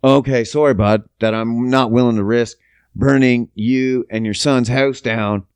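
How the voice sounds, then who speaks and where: A man in his thirties from Canada telling a story on his podcast, swearing often and swinging between loud outbursts and low mutters. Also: steady tone, a little slow, clean tone, dry recording. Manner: profane, emphatic, big pitch swings. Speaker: podcast host. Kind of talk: casual storytelling monologue.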